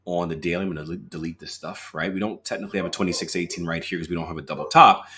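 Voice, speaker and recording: A man with a lowish voice teaching chart trading live from his desk. He talks in a relaxed, chatty way, asking viewers to chime in as he goes. It sounds like a desk mic in a home office. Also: racing. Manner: casual, chatty, addresses viewers directly. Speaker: trading coach.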